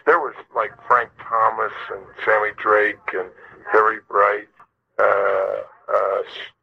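A man's voice: lowish voice, level tone, takes it slowly, vocal fry, husky. An older man, a former ballplayer, telling stories in an interview, rambling with many fillers and restarts. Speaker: former baseball player, interviewee. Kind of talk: storytelling interview. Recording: dull lo-fi recording.

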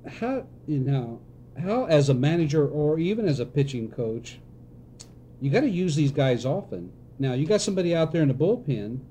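Male interviewer, mellow tone, light hiss, easy questions. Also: fairly high pitch, big pitch swings, moderate pace. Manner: conversational, prompting with short backchannels.

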